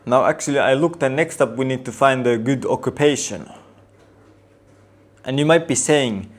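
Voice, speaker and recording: A man's voice: medium pitch, moderate pace, long pauses. A man ranting to camera in a comedic vlog, swearing heavily and delivering everything with mock outrage and ironic, over-the-top seriousness. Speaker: vlogger.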